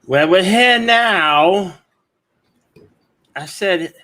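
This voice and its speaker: A man's voice: medium pitch, animated, slow pace, a bit bright. A man hosting a casual chat, playful and goofy, slipping into silly voices and quotes. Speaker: stream host.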